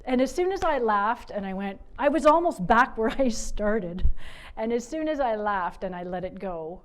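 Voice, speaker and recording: A middle-aged woman from Canada giving a motivational talk, telling stories with animated swings from loud to soft. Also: on the high side, moderate pace. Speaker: speaker.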